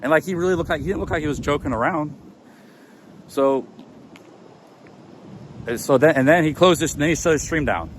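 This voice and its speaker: A man's voice: on the high side, brisk, long pauses, a little hiss or hum. A man livestreaming outdoors on city streets, agitated and defensive, with stammering restarts. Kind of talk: live walk-and-talk stream.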